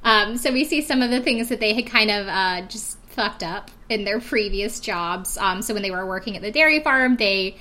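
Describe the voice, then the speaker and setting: Wry, bright-voiced woman podcast host. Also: mid-range voice, normal speed, few pauses. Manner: chatty, wry, many fillers and laughs. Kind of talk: casual chat recapping a reality show.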